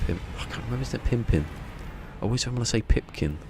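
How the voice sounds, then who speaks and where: A man's voice: mid-range voice, expressive, brisk, noisy background. A man streaming a game live, chatting casually in a rambling, self-mocking way.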